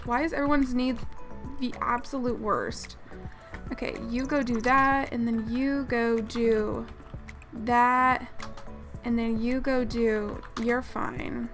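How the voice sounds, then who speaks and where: A woman with a high voice gives chatty, excitable commentary over her gameplay. She gasps and exclaims often, and soft music plays underneath. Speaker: gaming channel host.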